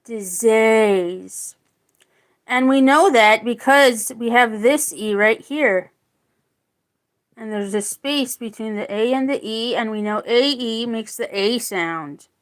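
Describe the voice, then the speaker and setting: Woman teacher, higher voice, unhurried lesson delivery, sounds out and repeats each word. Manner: slow, deliberate, repeats words to sound them out. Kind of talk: spoken phonics lesson.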